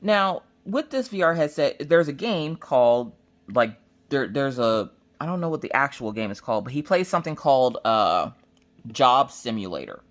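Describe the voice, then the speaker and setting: A woman crafting vlogger chatting casually, telling family stories with lots of restarts and acted-out voices. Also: moderate pace. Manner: animated, acts out family members in shrill high voices; chatty, with many restarts and "look, listen". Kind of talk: casual storytelling chat.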